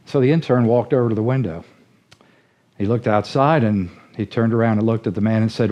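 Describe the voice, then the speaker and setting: A middle-aged man with a low, mellow voice, telling a folksy story in the earnest manner of a sermon. He speaks as a ministry leader addressing his listeners. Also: a little fast. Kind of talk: storytelling sermon-style talk.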